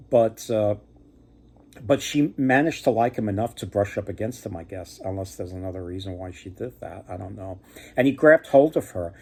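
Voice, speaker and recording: A man's voice: lowish voice, warm tone, husky. A man hosting a casual myth retelling, rambling with lots of fillers and joking asides. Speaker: mythology storyteller host.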